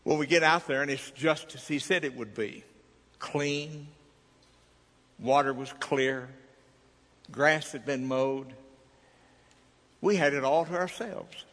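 A man's voice: on the high side, takes it slowly, pauses often, a bit bright, big-room sound. A man preaching a sermon, telling a personal story in a folksy way and acting out its dialogue. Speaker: pastor.

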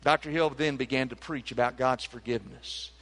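A man preaching a sermon as pastor, fervent and emphatic, rising to near-shouting in his excitement. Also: mid-range voice, brisk.

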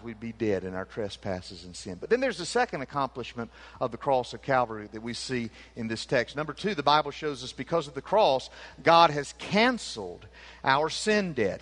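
A man preaching a sermon as pastor, fervent and emphatic, rising to near-shouting in his excitement. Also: high voice.

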